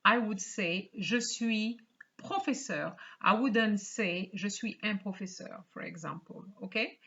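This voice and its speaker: A woman teaching a beginner French lesson in English, speaking very slowly with a bright, clear tone. She reads out short French phrases and explains each one patiently, often pausing to ask "okay?" The recording sounds slightly dull and lo-fi. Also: mid-range voice. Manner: reads French dialogue lines then explains them in English, with many "okay?" checks. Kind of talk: slow explanatory language lesson.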